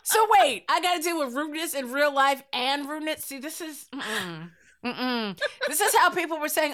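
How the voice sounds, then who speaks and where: Woman, host, casual chat, animated, bright higher voice, swinging pitch. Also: moderate pace. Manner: animated, laughing often.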